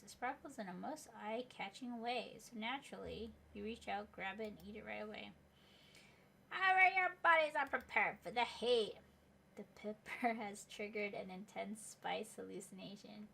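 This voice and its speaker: A woman's voice: mid-range voice, vocal fry, slight background noise. A young adult woman hosting a let's play, reading game narration aloud with playful, giggly asides.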